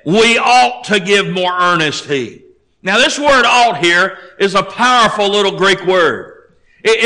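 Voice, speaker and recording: A male preacher delivering a sermon at a slow, deliberate pace. His voice sits high and sounds sharply bright and forceful. He climbs to near-shouts on key words, then drops low and quiet to close a thought. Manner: emphatic, rising to near-shouts and dropping low.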